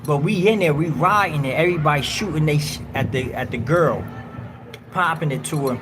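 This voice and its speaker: A man's voice: on the high side, brisk, music in the background. A man hosting a livestream, telling a long story in casual street slang and acting out other people's lines. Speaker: livestream host.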